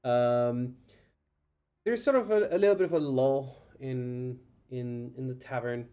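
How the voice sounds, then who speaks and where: Guy gm-ing a tabletop game, um-ing a lot, kinda dark mellow voice, muffled lo-fi audio with faint music. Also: mid-range voice, unhurried. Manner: hesitant, many ums and restarts. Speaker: game master.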